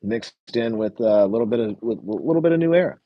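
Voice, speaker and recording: A young man with a medium-pitched voice talks fast with lively intonation, hosting a live stream that reviews a show. He rambles casually, uses lots of fillers, and reads and answers his live chat; the sound is lo-fi with no echo.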